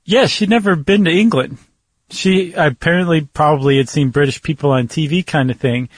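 A man's voice: on the high side, normal speed, dry recording. A man co-hosting a podcast in casual chat, chatty and playful. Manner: chatty, playful, puts on silly accents. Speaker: podcast co-host.

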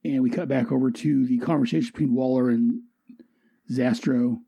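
A man's voice: mid-range voice, steady tone, normal speed, vocal fry, dark tone, husky, dry recording, dull audio. A man giving a casual, rambling and enthusiastic comic book review, often restarting and correcting himself.

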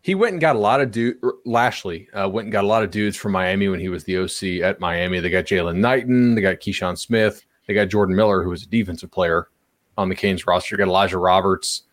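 A man's voice: low voice, quick pace, dry recording. A man co-hosting a sports podcast, talking in a loose, rambling way with restarts. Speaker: podcast co-host. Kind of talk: casual sports chat.

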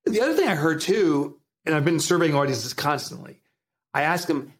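A man's voice: fairly high pitch, normal speed, breathy edge. A man with a New Jersey accent, a guest author talking emphatically in a podcast interview. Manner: emphatic, animated, motivational.

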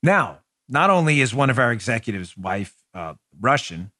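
Male talk host, mid pitch, sarcastic and heated, dry close studio sound. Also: sing-song, normal speed, bright, forceful tone, dry recording. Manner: sarcastic and mocking; emphatic and heated. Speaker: show host. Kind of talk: political commentary show.

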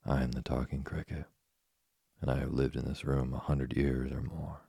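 A man with a husky, gravelly voice reading the lines of a patient, preachy old male cricket in an audiobook. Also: extremely low pitch, moderate pace, dry recording, studio quality, full character voice. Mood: calm, preachy. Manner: calm and preachy.

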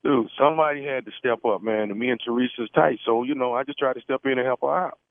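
A brash man talks quickly on a prank phone call, stammering as he pushes his case. His voice is mid-pitched and sounds tinny and dry, as if over a phone line. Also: fairly even intonation, no echo. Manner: brash, matter-of-fact, stammering. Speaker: radio prank caller.

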